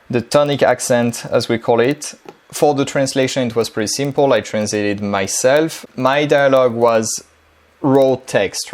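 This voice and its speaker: Man explaining a tutorial. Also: mid-range voice. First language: French. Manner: relaxed, chatty explaining with frequent um and uh. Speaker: language-learning tutor. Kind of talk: casual screen-share tutorial.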